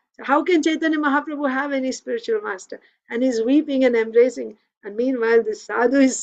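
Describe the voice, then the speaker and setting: A woman with a somewhat high voice tells a devotional story at a scripture class. She talks conversationally and leans often on small fillers. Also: muffled recording. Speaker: speaker giving a scripture class.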